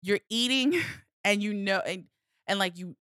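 Animated lady chatting candidly on a podcast, laughs a lot, dry close mic. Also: mid-range voice, a little slow, clear, resonant tone, no room sound. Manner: animated, laughs often, acts out her inner voice. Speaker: guest sharing personal story. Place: studio, seated at a mic. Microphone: close studio mic.

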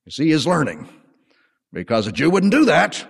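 A man teaching a sermon with an animated, conversational storytelling manner. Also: on the high side, moderate pace, vocal fry, breathy edge. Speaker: Bible teacher. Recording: long hall reverb.

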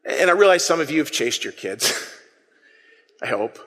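Animated male preacher in a reverberant hall. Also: a little high, measured pace. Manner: animated, conversational preaching with audience call-and-response. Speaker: pastor. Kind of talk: sermon.

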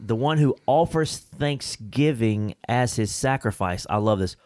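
Lively, emphatic male podcast host. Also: mid-range voice, a little slow, no room sound, studio quality. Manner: emphatic, preacherly, jokey. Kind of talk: casual faith discussion.

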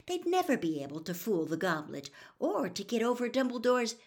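Woman reader voicing an anxious, sensible schoolgirl, raised pitch, lively, audiobook. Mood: certain. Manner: earnest, persuasive, quick. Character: earnest, anxious, sensible teenage girl. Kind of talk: audiobook character reading.

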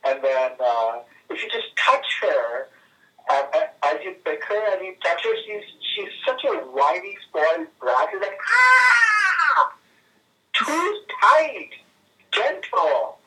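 Man in his 30s, slightly high voice, hesitant, heard over a distant phone line. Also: expressive, fairly bright tone. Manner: halting, many fillers and restarts. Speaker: friend calling in. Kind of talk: casual phone conversation. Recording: tinny speakerphone from a distance.

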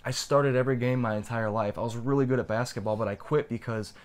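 A young adult man on a podcast, one of its co-hosts, reflects sincerely on a personal story and slows down to land the important points. His mid-range voice is a little mellow, with fairly even intonation.

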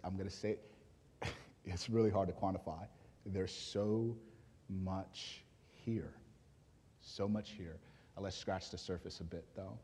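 A man's voice: lowish voice, dark tone, slightly rough. A man preaching a sermon as pastor, chatting casually with jokes before building to fervent emphasis. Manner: conversational with joking asides, building to fervent emphasis.

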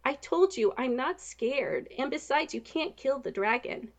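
A fearless, breezy young princess, voiced by a woman, chatting as if nothing could scare her. The voice sits a touch raised with a slight gravelly texture. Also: high voice, lively intonation, a little slow, voice pushed up, heavily acted. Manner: casual and breezy. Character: bold, unbothered young princess.

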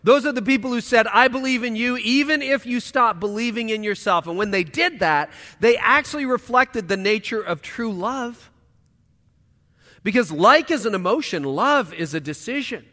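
Male pastor, sermon delivery, forceful tone, reverberant church hall. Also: extremely high pitch, lively intonation, normal speed. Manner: swings from loud emphatic lines to hushed quiet asides.

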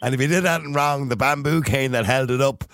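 A man's voice: medium pitch, fast, a bit bright. A middle-aged man hosting a casual radio chat, telling stories and laughing often. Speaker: radio host.

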